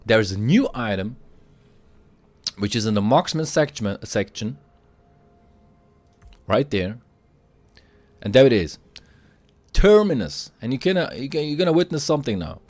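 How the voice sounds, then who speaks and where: A man who is a little sick, explaining a video game item build and reading item stats aloud, getting excited as he hypes the items. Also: medium pitch, normal speed, long pauses, no room sound. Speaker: game guide creator. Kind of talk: gameplay guide commentary.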